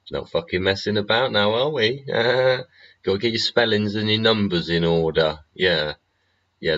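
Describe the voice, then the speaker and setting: A middle-aged livestream host rambles and swears through a profane monologue loaded with tag questions. His bass voice is husky yet fairly bright, heard through muffled lo-fi stream audio.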